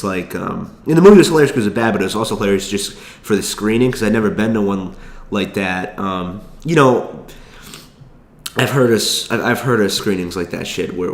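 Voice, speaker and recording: Young man, casual vlog monologue, rambling and profane, fairly low voice, echoey room. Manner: rambling, profane, quick asides and restarts. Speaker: vlogger.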